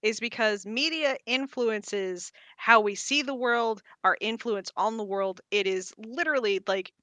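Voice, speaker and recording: A woman's voice: fairly high pitch, a little slow, bright, forceful tone, no room sound. A woman co-hosting a podcast, talking in a heated, impassioned way. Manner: impassioned, ranting with acted quotes. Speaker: podcast co-host. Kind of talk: casual podcast chat.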